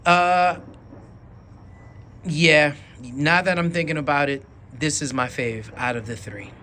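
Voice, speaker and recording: A man reviewing handguns in a rambling, enthusiastic way, dropping almost to a whisper while he slowly pulls each trigger. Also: a little high, steady tone, sharp tone, slight background noise. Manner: drops to a near whisper during slow trigger pulls. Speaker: gun reviewer. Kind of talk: casual product demo.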